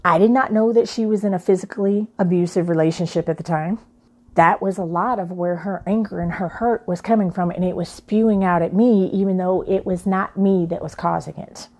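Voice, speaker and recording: A woman's voice: on the low side, fairly even intonation, brisk, darkish tone. A middle-aged woman, a mother telling her own story in a candid, emphatic way, often repeating her points. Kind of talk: personal talk.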